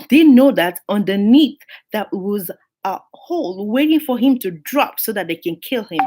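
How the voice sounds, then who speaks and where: A woman from Africa reviewing a book, retelling a folk tale and reflecting on it with animated storytelling. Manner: animated storytelling, acting out characters with pitch jumps.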